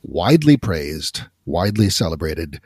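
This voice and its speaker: A man's voice: sits low, sing-song, a little slow, a little mellow, slightly rough, no room sound, clean studio sound. A man co-hosting an interview, making wry, playful remarks. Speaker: co-host. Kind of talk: podcast interview.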